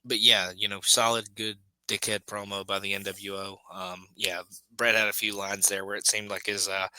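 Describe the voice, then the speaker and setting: A man with a low, very bright and sharp voice talks through his take in a relaxed, hedging way. The sound is dry and close, with no room around it. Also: no room sound, low-quality recording. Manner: relaxed, hedging, lots of ums. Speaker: podcast co-host. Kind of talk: casual chat.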